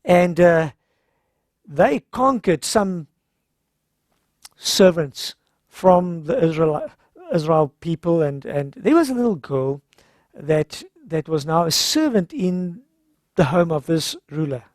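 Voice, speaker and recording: Informal sermon storytelling, mid pitch, dry recording. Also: big pitch swings, slow, long pauses, a little mellow, no echo. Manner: retells scripture informally, acting out the characters' lines. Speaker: health seminar presenter. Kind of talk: conversational Bible-story sermon.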